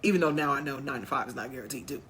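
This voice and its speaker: Talking very fast in a rumbling low but fairly bright voice, a woman vlogger tells viewers at home a personal story. She acts out others' lines in quotes in this casual storytime vlog, with slight background noise.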